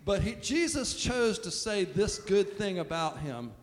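A man's voice: sits high, very animated, unhurried. A man preaching a sermon as pastor, talking in a conversational, self-deprecating way. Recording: long reverb of a large hall.

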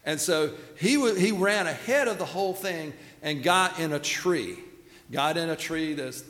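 A man's voice: on the high side, unhurried, fairly bright tone, long reverb tail. A man preaching a sermon in a folksy, storytelling manner, acting out the quotes. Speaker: pastor.

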